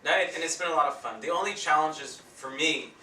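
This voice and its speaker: A man's voice: fairly high pitch, fast talker, a loud crowd. A man, an actor, joking through a post-show interview. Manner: joking, lively delivery. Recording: roomy, from far off, light noise.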